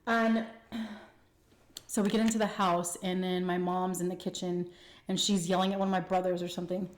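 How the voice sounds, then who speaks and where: A young woman telling a personal story casually while eating, animated and acting out the quotes. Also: fairly low pitch, normal speed. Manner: animated retelling with acted-out quotes. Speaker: mukbang storyteller. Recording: echoey room.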